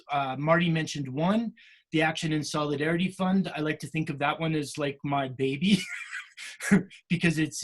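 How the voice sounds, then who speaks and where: A middle-aged American man telling students about his career in a casual way, with many pauses and restarts. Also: on the high side. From United States. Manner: many fillers and restarts, storytelling. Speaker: career day speaker.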